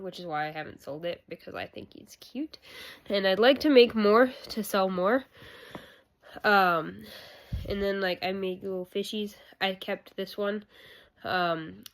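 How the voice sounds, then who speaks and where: A woman's voice: medium pitch, poor audio. A young woman chatting casually in a home craft vlog, rambling with lots of fillers and breaking off to play with her baby. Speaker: vlogger, crafter. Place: home room. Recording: home video with steady noise.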